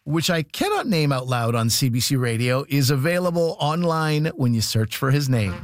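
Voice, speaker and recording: A man's voice: medium pitch, sing-song, moderate pace, slight background noise. A man hosting a radio comedy show, introducing acts and reading announcements in an upbeat announcer style.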